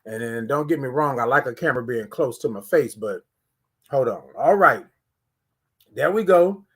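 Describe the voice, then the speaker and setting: Indoors, a man hosts a casual live morning stream on a camera held near his face, energetically addressing viewers, repeating a lot, and guiding their breathing. His mid-range voice is slightly rough and moderately paced.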